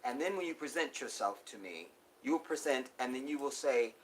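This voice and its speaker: A man hosting a live stream, preaching to his viewers and calling them y'all, swinging from loud outbursts to near whispers. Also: medium pitch, animated, brisk, slight background noise. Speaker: livestream host.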